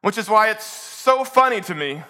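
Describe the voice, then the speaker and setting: A pastor delivering a sermon with animated, humorous storytelling. His voice sits high for a man, and its bright, forceful tone carries every point. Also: moderate pace.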